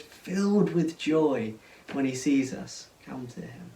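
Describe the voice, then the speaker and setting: A man's voice: medium pitch, animated, slow pace, vocal fry, a little hiss or hum. Earnest male preacher retelling a parable, recorded from a distance. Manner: earnest, often drops to a hushed voice. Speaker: church speaker. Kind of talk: storytelling sermon. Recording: roomy sound, mic at a distance.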